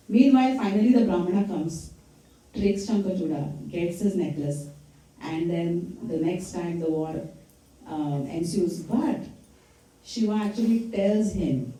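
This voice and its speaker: Woman lecturing at a temple, dark mellow voice, big echo, mic far off. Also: on the low side, moderate pace. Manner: conversational storytelling, quizzes the audience. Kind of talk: temple lecture retelling scripture stories. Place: temple hall. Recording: echoey hall, mic from far off.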